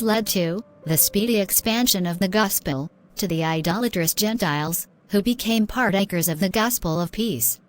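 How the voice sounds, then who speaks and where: A woman giving a scripted, earnest devotional narration that urges listeners to keep going in their faith. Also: mid-range voice. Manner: earnest, exhorting. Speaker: inspirational narrator.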